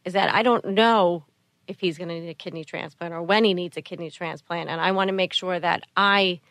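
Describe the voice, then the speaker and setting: A middle-aged woman, a mother, speaking as an interview guest in a soft, earnest way, often repeating her phrases. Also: on the low side, steady tone, a little fast, no room sound. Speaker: guest, mother of a sick child. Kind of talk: interview conversation.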